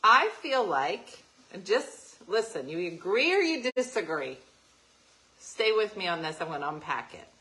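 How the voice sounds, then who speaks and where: A woman's voice: fairly low pitch, very animated, unhurried, pushed and bright, low-quality recording. A woman, chatting as a talk show co-host and telling stories playfully with acted-out asides. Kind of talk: casual chat.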